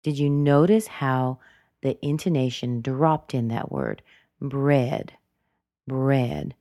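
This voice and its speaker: A woman's voice: rumbling low, lively intonation, slow, mellow, no echo, clean studio sound. A woman teaching English pronunciation, explaining patiently and repeating words to show how the intonation rises and falls. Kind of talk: slow explanatory lesson.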